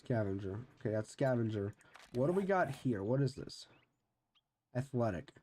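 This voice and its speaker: A man's voice: medium pitch, expressive, moderate pace, warm tone, a little hiss or hum. A young man streaming a game, chatting casually and rambling with many restarts. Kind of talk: casual chat while gaming.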